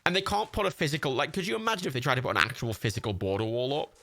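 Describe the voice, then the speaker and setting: A man's voice: mid-range voice, very animated, racing, gravelly, fairly bright tone. A young man livestreaming, rambling casually with lots of fillers, restarts and laughs while playing a game.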